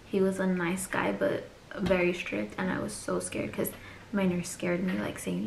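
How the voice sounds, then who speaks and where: Creaky-voiced woman telling a story. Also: mid-range voice, little pitch movement, moderate pace, roomy sound, background noise. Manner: candid, chatty, acts out quoted voices. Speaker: vlogger. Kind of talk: casual personal storytelling.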